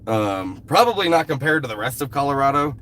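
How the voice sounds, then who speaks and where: A man's voice: medium pitch, big pitch swings, a little fast, fairly bright tone. A man chatting casually on a live stream, blunt and swearing freely, fighting a cold. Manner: blunt, heavy swearing, irritated with a commenter. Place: outdoors at a rural camp.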